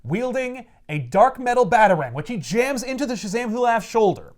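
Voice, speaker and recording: A man recapping a comic book in casual chat, with animated storytelling and frequent laughs. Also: very high voice, normal speed.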